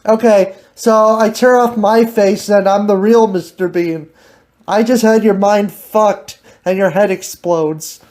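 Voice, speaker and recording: Slow-talking giggly woman host. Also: medium pitch, steady tone, darkish tone. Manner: giggly, teasing, laughs often. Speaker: podcast host. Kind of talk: casual improv chat.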